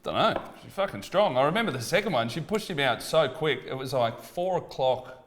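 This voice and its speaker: An Australian man in his thirties, a comedian telling loud, profane, animated stories in casual chat. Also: on the high side, fairly quick, slight background noise. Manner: loud, swearing, animated bits. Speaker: comedian podcast co-host.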